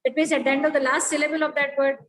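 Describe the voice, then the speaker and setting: A woman's voice: sits high, flat delivery, racing, rough recording. A woman teacher giving a phonetics lecture, explaining rules step by step and checking that students follow.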